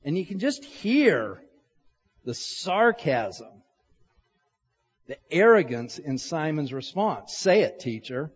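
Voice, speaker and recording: A middle-aged pastor preaching in a relaxed, storytelling way, like he is talking with the congregation. His voice is husky and sits a little high. The recording is dull and lo-fi, with a long reverb from a large hall. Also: slow, pauses often. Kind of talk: sermon.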